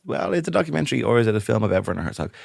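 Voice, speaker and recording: A man's voice: fairly low pitch, big pitch swings, rapid-fire, gravelly, darkish tone, no echo, studio quality. A young man co-hosting a podcast, jumping into tangents with mock-serious asides. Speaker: podcast co-host. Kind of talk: casual comedic chat.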